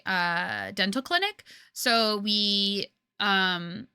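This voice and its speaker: Young woman from Canada, chatty streamer, rambling delivery, bright tone, dry headset mic. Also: mid-range voice, clear, resonant tone, no room sound. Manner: chatty, rambling with many fillers and restarts. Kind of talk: casual chat with viewers.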